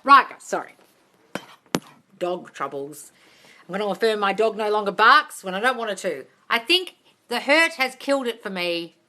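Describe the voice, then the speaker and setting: Bright, blunt woman coach. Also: mid-range voice, sing-song, moderate pace. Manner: blunt and swears freely, calls viewers darling. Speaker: manifesting coach answering live chat questions. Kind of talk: casual live-stream chat. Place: home, dog barking nearby. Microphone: phone livestream.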